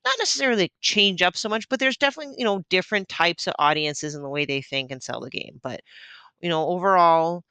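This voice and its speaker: Bright, crisp woman podcast co-host. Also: on the low side, fast talker, dry recording. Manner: chatty and upbeat, with frequent fillers. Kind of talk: casual chat.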